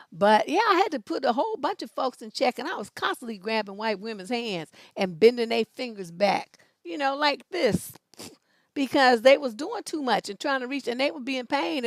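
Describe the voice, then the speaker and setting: A woman in her fifties hosting an advice show, telling stories bluntly with loud, profane emphasis. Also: on the high side, dry recording. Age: 50s.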